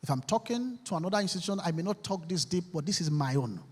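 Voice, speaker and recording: A man's voice: sits high, expressive, fast talker, breathy edge. A man giving a rousing, preacherly motivational speech to a university audience. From Nigeria. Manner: preacherly, leads call-and-response affirmations. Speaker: motivational speaker. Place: large university auditorium. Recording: echoey hall with long reverb.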